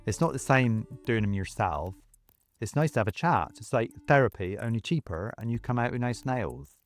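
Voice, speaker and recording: Narrator as cheeky chatty young woman, low-key. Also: expressive, normal speed, faint music behind, natural voice. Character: cheeky young woman fond of her nails.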